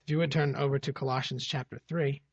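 A man's voice: mid-range voice, steady tone, fast talker, slightly rough, no echo, highs cut off. A man preaching a conversational sermon, asking the congregation rhetorical questions as he reads and explains scripture. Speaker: pastor. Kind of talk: expository sermon.

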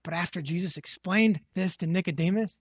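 A man with a somewhat high, husky voice preaches a verse-by-verse sermon. He leans hard on key phrases and keeps checking in with his listeners through "right?" and "okay?". The sound is dry and a little dull, with a lo-fi edge. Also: fairly quick, dry recording. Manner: emphatic, repeats phrases with rhetorical "right?". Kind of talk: expository sermon.

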